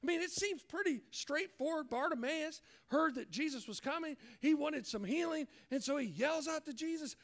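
A man's voice: extremely high pitch, animated, normal speed, few pauses. A man as a pastor preaching a sermon earnestly, acting out the voices he quotes.

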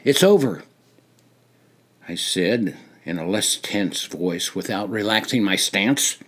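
An older man reading his own memoir aloud, slow and deliberate, rising for dramatic moments and dropping to a hush. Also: mid-range voice. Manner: slow, deliberate storytelling with dramatic rises and hushed drops. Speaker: memoir narrator.

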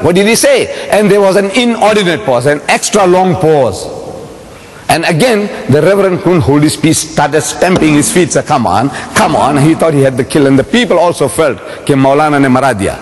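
A man's voice: fairly high pitch, moderate pace, slight background noise. A man giving a public religious lecture, telling a story dramatically and firing rhetorical questions at the audience. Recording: long hall reverb.

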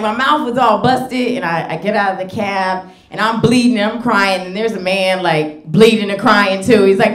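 A young adult woman doing stand-up comedy, telling a story in an animated way and laughing through her lines. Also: mid-range voice, reverberant. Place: comedy club stage.

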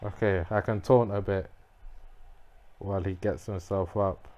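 A man giving muttered, reactive commentary as he plays a wrestling game, now and then breaking into frustrated shouts. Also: low voice, steady tone, measured pace. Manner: reactive, muttering to himself, bursts of frustrated yelling. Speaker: gamer playing a wrestling game. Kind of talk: live gameplay commentary.

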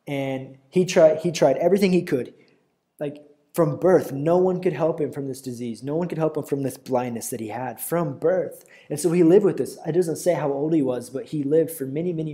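A young man preaching an earnest sermon, reading scripture and rising to loud cries as he quotes it. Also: on the high side.

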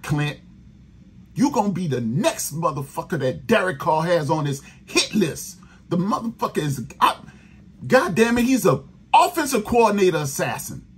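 A raspy-voiced man rants on a sports podcast, cursing and exasperated. His voice is rough and husky, and it swings up and down in pitch as he complains. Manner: profane, exasperated ranting. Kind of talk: angry fan rant.

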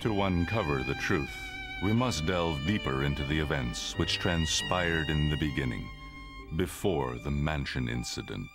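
A man's voice: extremely low pitch, animated, unhurried, heavily acted. An actor voicing a grave male narrator, giving scripted narration for a game intro. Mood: solemn. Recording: narration over loud game music.

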